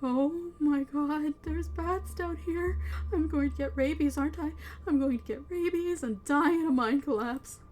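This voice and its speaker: Woman voicing a panicky high-strung young woman. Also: racing, few pauses, warm tone, slight background noise, lightly acted.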